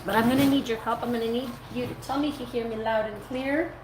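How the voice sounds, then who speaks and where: A woman's voice: fairly high pitch, fairly even intonation, fast talker. Woman dog groomer, live-stream host, casual and cooing, device mic in a noisy, reverberant grooming room. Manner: chatty, coos at the dog between talking to viewers. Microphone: device mic, her own mic not set up. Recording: echoey room with background noise.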